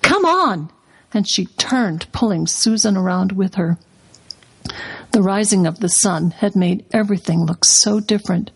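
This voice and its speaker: A woman reading a storybook aloud as a guest on a radio talk show in an expressive storytelling manner. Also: medium pitch, normal speed, creaky, husky. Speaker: guest, curriculum company president.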